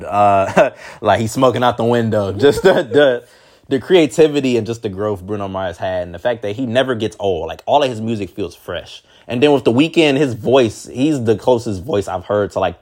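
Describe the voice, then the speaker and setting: Young man with a lowish voice, meandering. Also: a little mellow. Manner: meandering, loose and conversational. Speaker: podcast host. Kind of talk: casual podcast chat.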